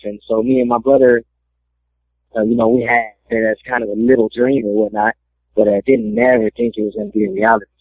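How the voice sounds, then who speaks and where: Animated young man on a phone line. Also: mid-range voice, vocal fry, no room sound. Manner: animated storyteller, acts out quotes. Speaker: MMA fighter interviewee. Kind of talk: casual phone interview, storytelling.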